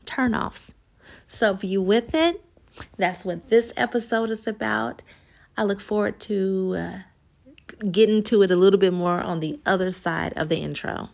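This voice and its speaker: A woman's voice: medium pitch, steady tone, normal speed, creaky, a little mellow. A woman hosting a podcast, talking casually and animatedly about dating and acting out little everyday scenes as she goes. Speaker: podcast host. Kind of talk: casual podcast monologue giving dating advice.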